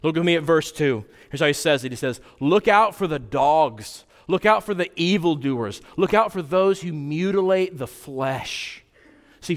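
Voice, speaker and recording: A man preaching a sermon as pastor, conversational and animated, with sudden jumps in pitch. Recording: long hall reverb.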